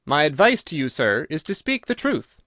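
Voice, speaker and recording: A man doing a crisp, assured detective. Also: on the high side, big pitch swings, normal speed, sharp tone, dry recording, clean studio sound, heavily acted. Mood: stern. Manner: crisp, clipped, lecturing. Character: sharp, cool male detective, brisk and assured.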